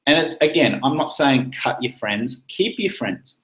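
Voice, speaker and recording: Animated man coaching in an echoey room. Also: medium pitch, a little slow. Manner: animated, acts out sample lines in different tones. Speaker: sobriety coach. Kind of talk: casual coaching talk.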